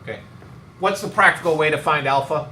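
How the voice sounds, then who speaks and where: A man's voice: a little high, a little fast, sharp tone. A man teaching a math class, joking and teasing his students as he works through problems. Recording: echoey classroom, some noise.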